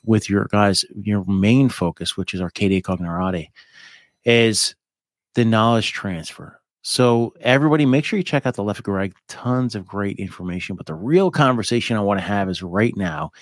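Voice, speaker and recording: A man's voice: fairly low pitch, no echo, clean studio sound. A man hosting a podcast, giving firm opinions and steering the conversation. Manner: opinionated, emphatic, steers the talk. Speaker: podcast host.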